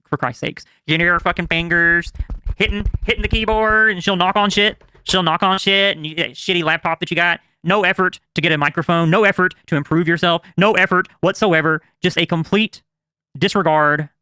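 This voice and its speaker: A man's voice: a little high, steady tone, a little fast, bright, forceful tone, clear, resonant tone, dry recording. A man co-hosting a livestream, ranting and swearing in casual chat. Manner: ranting and profane. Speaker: livestream co-host.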